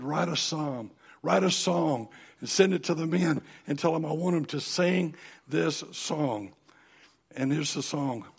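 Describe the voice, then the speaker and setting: Gravelly folksy preacher man. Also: on the high side. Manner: folksy, acts out the characters' lines. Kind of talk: sermon storytelling.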